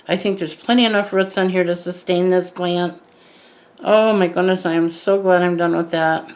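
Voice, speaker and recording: A woman's voice: lowish voice, poor audio. An older woman chatting casually to the camera as a plant vlogger, rambling with lots of asides and self-corrections.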